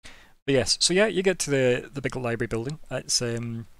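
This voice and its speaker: A man's voice: mid-range voice, expressive, normal speed, a bit bright, no echo. Rambling man running a tabletop game. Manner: loose, rambling, lots of fillers. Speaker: game master.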